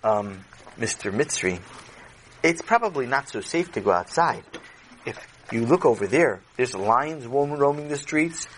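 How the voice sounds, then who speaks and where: A man's voice: medium pitch, animated, a little slow, a bit bright, slight background noise, rough recording. A man voicing a timid Jewish servant who answers his master hesitantly in a children's audio story. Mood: meek. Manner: meek, hesitant.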